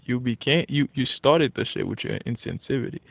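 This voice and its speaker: A man's voice: medium pitch, fairly quick, gravelly, no room sound. Male vlogger, blunt and profane casual rant, recorded with thin lo-fi phone quality. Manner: blunt, profane, animated when worked up. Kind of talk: casual ranting monologue. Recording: tinny phone-like dry audio.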